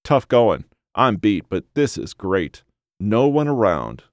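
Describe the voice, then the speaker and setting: A blunt, sarcastic male hiker who curses freely and grumbles at everyone, as the narrator reads him. The voice is very low and close, with a dry sound. It is a storybook figure with a sour, mocking tone. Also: sing-song, slow, no echo. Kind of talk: audiobook character voice.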